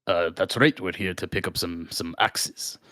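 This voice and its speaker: A man voicing a polite, smooth-talking male dwarf adventurer in a tabletop game. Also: sits low, bright, forceful tone, dry recording, studio quality. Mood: courteous. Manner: polite, halting.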